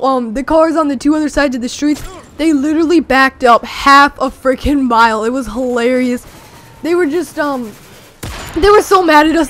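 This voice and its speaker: A young teenager rambling excitedly through a story with many fillers, talking over gameplay. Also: sits high, a little hiss or hum. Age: young teen. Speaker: gameplay commentator.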